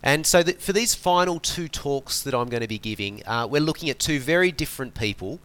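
This preacher, a man with a medium-pitched voice, moves briskly through a conversational sermon. He keeps it casual and friendly, like he's talking with friends, and regularly throws rhetorical questions at his audience.

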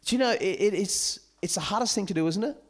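A man giving a sermon at a youth camp, animated and joking with his listeners. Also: high-pitched, quick pace. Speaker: camp speaker.

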